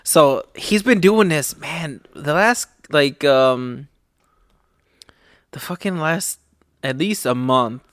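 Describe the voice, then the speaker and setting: A man's voice: on the high side, lively intonation, takes it slowly, pauses often, fairly bright tone, no echo, studio quality. A man co-hosting a podcast in casual chat, laid-back and swearing freely as he laughs through stories. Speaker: podcast co-host.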